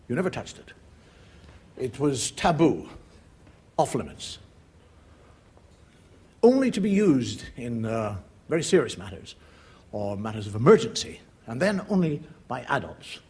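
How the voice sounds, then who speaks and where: Unhurried, with long pauses, his mid-range voice is a little mellow with a breathy edge and big pitch swings. He's an Irish comedian doing stand-up on television, playing the voices of people in his story, as the live studio audience laughs and makes noise in the background.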